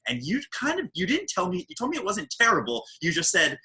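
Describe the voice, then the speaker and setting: An American man from Baltimore, hosting a podcast in casual, jokey chat with big pitch swings. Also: wildly swooping pitch, brisk, sharp tone, rough recording. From Baltimore, USA. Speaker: podcast host.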